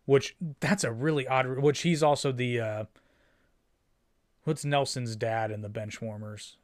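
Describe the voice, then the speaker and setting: A man's voice: mid-range voice, fairly even intonation, unhurried. A man co-hosting a podcast, rambling through a casual movie review and often quoting film lines. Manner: rambling, quotes movie lines in silly voices. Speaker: podcast co-host.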